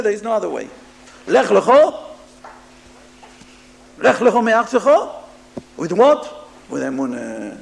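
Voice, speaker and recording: A man preaching a moral talk in a high, gravelly voice that swings widely up and down. He speaks haltingly, repeats words, and keeps checking whether his listeners understand. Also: a little mellow. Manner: halting, repeats words, mixes Hebrew terms into English, asks listeners "understand?". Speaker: rabbi giving a Musar talk. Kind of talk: sermon.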